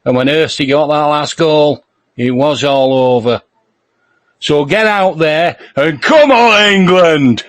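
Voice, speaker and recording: A man's voice: on the high side, a little slow, dry recording, close to an everyday voice. A man doing an impression of a famous older male football manager with a Middlesbrough accent, giving a rousing team talk.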